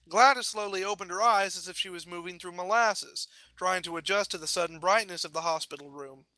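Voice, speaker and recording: A man narrating a fan fiction story with an expressive reading. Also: high voice, fairly quick, hardly any pauses, dry recording, poor audio.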